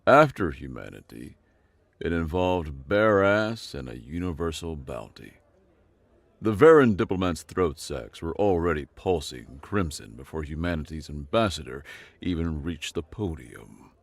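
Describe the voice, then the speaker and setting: A man narrating a sci-fi story in a dramatic, measured storytelling voice. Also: extremely low pitch, very animated, gravelly, no echo.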